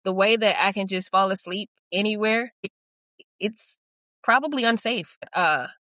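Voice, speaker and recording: Bright, candid middle-aged woman host. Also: mid-range voice, moderate pace, dry recording. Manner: candid, self-deprecating, chatty with frequent likes and you-knows. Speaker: podcast host. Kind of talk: casual podcast chat.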